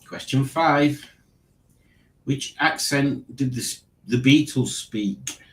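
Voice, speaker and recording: A man's voice: mid-range voice, takes it slowly, echoey room, low-quality recording. A man hosting a casual online quiz, reading questions and joking about them. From Liverpool, England. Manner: wry, mocking the questions. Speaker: quiz host.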